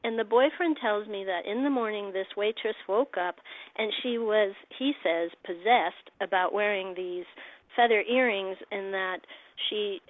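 A woman guest telling personal stories in an animated, emotional way. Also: medium pitch, a little slow, no room sound. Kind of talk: storytelling chat. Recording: tinny phone-like line.

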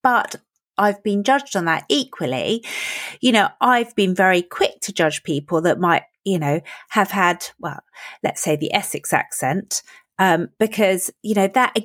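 A woman with a clear, crisp English accent hosting an interview, affirming and enthusiastic. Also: mid-range voice, lively intonation, a little slow, fairly bright tone, no room sound, studio quality. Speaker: podcast host. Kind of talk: conversational interview.

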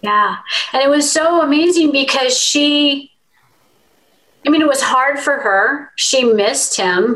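A woman's voice: a little high, a bit bright, low-quality recording. Earnest woman telling heartfelt stories. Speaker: animal communicator podcast guest. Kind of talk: conversational interview.

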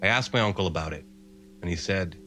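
A man from Canada, telling a comic personal story on stage with dramatic swings from hushed to emphatic. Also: sits low, fast, soft background music.

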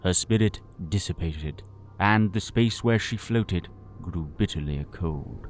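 A man narrating an audio drama in a pompous, florid manner, as a Victorian-style gentleman. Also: sits low, measured pace, soft background music. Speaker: storyteller and sole voice actor.

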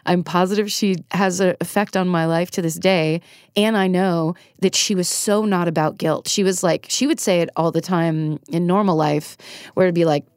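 A middle-aged woman talks candidly in a casual interview, laughing often at her own expense. Her voice sits a little low. The sound is dry and close. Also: steady tone, normal speed, a little mellow, clean tone, dry recording. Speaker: podcast guest.

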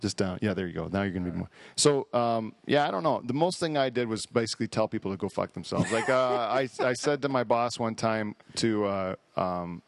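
A man's voice: lowish voice, lively intonation, a little fast, vocal fry, no echo. A man hosting a podcast in casual chat, telling rambling, profane stories and laughing at his own jokes. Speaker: podcast host. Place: studio hall.

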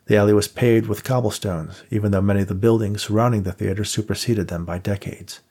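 A man reading a novel aloud as audiobook narrator in a measured storytelling manner. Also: fairly low pitch, fairly even intonation, mellow, husky. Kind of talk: scripted narration.

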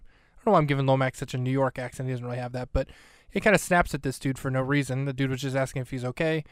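A man's voice: mid-range voice, flat delivery, fairly quick, few pauses, clean tone, dry recording, studio quality. A man hosting a casual comedy podcast who recaps a film scene by scene, cracking jokes and rambling as he goes. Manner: joking, rambling, self-interrupting. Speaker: podcast host.

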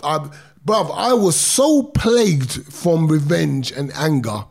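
A man's voice: a little high, lively intonation, takes it slowly, creaky, darkish tone. A middle-aged man, a former boxer telling his own story in an interview, intense and emphatic, stretching words out and using street slang. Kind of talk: emotional personal storytelling.

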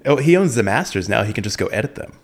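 A man's voice: fairly low pitch, animated, fast. A man hosting a casual podcast chat, joking and teasing his guest. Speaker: podcast host.

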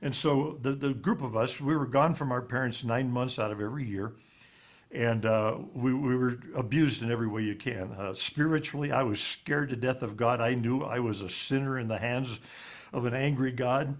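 A man of middle pitch telling a painful personal story as an interview guest. He speaks haltingly and often repeats words, and his voice sinks low and quiet on the hardest parts. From raised in Ivory Coast.

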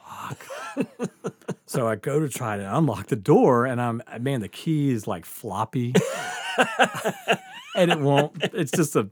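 A man's voice: mid-range voice, sing-song, a little slow, pauses often, no echo, studio quality. A man casually telling a story, laughing often and swearing freely.

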